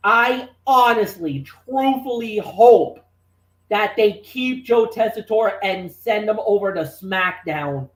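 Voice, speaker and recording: Excitable guy talking wrestling, keeps restarting, roomy echo. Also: high voice, takes it slowly. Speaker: wrestling podcast co-host. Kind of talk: casual chat.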